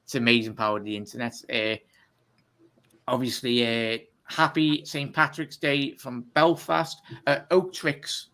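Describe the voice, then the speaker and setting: A man hosting a fan live stream, talking fast and giving chatty shout-outs. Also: mid-range voice, level tone. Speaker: fan channel host. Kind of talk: live stream sign-off chat.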